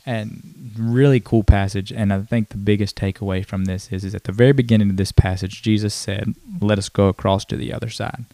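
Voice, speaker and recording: A man's voice: fairly low pitch, steady tone, fairly quick, hardly any pauses, warm tone, dry recording. A man reading and explaining scripture in a plain, earnest way. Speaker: co-host.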